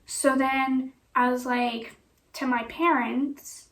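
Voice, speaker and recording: A woman recounts a personal story for her vlog. Her voice is high and bright, and she rambles along at an unhurried pace with many fillers. The sound is echoey, as if she sits some distance from the mic in a bare room. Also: fairly even intonation. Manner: rambling, full of "you know" and "like" fillers. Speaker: vlogger.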